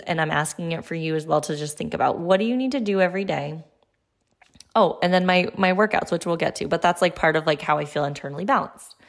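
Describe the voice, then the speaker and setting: Woman in her 30s just chatting on her podcast, bit lower voice, lots of "like", little laughs here and there. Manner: chatty, conversational, frequent "like"; laughs lightly while talking. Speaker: podcast host. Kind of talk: casual solo podcast talk.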